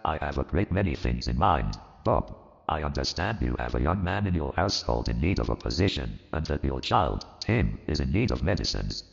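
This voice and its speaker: A gravelly, theatrical old miser, newly joyful and repentant, played by a man in an audio drama. The voice sits extremely low with thick fry and swings widely in pitch. It is heard in a reverberant, dull lo-fi recording with faint music behind. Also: moderate pace, full character voice. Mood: mock-stern. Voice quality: gravelly, very deep. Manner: theatrical, animated delivery.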